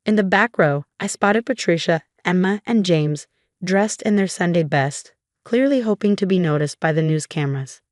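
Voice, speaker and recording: A woman reading a first-person revenge story in an even, measured narration. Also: on the low side, no room sound, studio quality.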